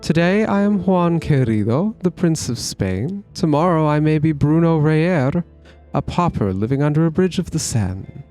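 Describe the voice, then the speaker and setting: A smooth, theatrical male bird con man in a video game, voiced by a man reading the lines, spinning his answers in a grand, flowery manner. The voice sits a little high for a man, and faint game music plays beneath it. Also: expressive, moderate pace, dark tone, close to an everyday voice. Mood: evasive. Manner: grand, flowery storytelling delivery.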